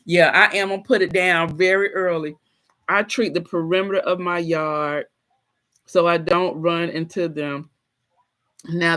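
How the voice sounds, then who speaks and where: Livestream host, woman, bright tone, lively storyteller who talks straight to her viewers. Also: on the low side. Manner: animated, playful storytelling with frequent laughter. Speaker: livestream host reading chat. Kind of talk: casual livestream chat.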